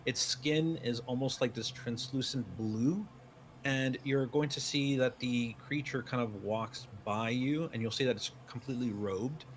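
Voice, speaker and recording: A man running a tabletop game, narrating the scene in a loose, descriptive way with plenty of fillers. His voice sits at a middle pitch, with faint background hiss. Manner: descriptive second-person narration with many fillers. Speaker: game master.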